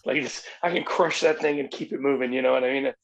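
Male musician guest from New Jersey, gravelly voice, rambling. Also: medium pitch, steady tone, fast, low-quality recording. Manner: rambling, repeats himself, says "dude". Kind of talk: casual conversation.

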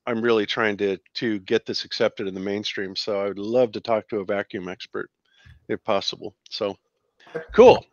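A man hosting a trivia quiz on a livestream, chatting in a relaxed way and chuckling between answers. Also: on the low side, normal speed, no room sound, muffled recording. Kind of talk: casual livestream chat.

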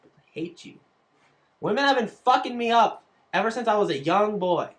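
Profane, animated male vlogger. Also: high voice, a little fast. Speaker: vlogger answering fan questions. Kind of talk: casual storytelling.

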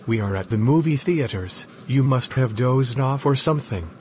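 A man's voice: mid-range voice, animated, moderate pace, darkish tone, a little hiss or hum, lightly acted. A man playing a jokey young man. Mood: cheerful. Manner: cheerful, joking. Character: jokey young man, likes his own humor. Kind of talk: amateur web series acting.

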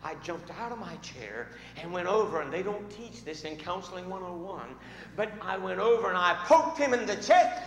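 A male pastor telling a story in a sermon, dramatic and swinging between hushed and loud, recorded in a church sanctuary. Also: high voice, expressive, normal speed. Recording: echoey church hall with faint noise.

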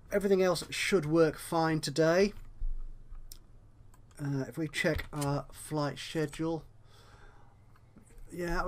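A man casually commenting on a management game he is playing, rambling and correcting himself with wry asides. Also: on the high side. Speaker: let's play host.

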